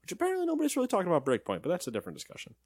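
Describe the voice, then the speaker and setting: A man's voice: sits high, no echo, studio quality. A man co-hosting a gaming news show, reading headlines and joking around in casual banter. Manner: joking, animated, quick asides.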